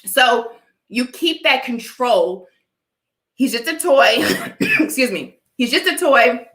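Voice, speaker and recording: On a live stream, a woman who has a dry allergy cough argues her views with emphasis, pausing often to ask viewers "all right?" Her voice sits slightly high and speaks slowly, with lively intonation and a fairly bright tone in a roomy-sounding space.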